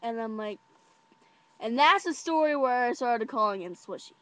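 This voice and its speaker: A woman's voice: fairly high pitch, expressive, moderate pace, fairly bright tone, dry recording. A teenage girl telling a story to camera in a casual, chatty way, full of fillers and giggles. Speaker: vlogger.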